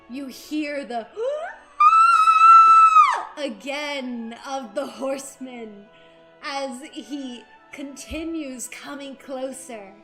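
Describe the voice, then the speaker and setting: A woman narrating a tabletop game as dungeon master, describing scenes in an unhurried way and often giggling. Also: a little high. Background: faint game music.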